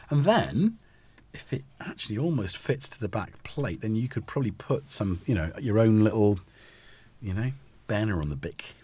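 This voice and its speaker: Rambling man, husky lively voice. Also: fairly low pitch, dry recording. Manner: rambling, self-interrupting, chatty. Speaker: host. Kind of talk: casual live-stream chat.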